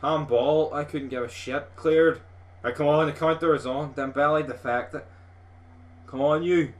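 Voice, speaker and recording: A young Scottish gaming video host delivers live, sweary commentary on his gameplay, rowdy and excitable like a football fan. His voice sits on the high side, and he doesn't rush.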